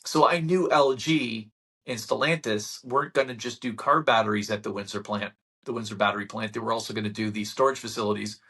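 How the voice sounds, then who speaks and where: Husky-voiced man ranting to camera. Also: on the low side, brisk. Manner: animated ranting, sarcastic mock quotes. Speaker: real estate channel host. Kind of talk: casual market-update talk to camera.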